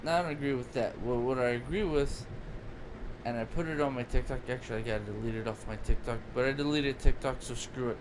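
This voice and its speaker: A man's voice: mid-range voice, quick pace. A man co-hosting a podcast in casual chat, rambling and opinionated. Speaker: podcast co-host. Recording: noticeable background noise.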